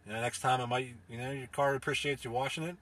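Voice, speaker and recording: A man's voice: medium pitch, fairly even intonation, quick pace, fairly bright tone. A young man, hosting a casual solo podcast from inside his car, rambling, profane and joking. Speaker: podcast host.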